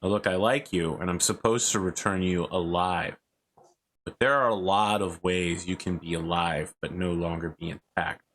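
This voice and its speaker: A man voicing a calmly menacing male interrogator. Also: low voice, normal speed, slight background noise. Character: menacing male interrogator, threatening yet calm.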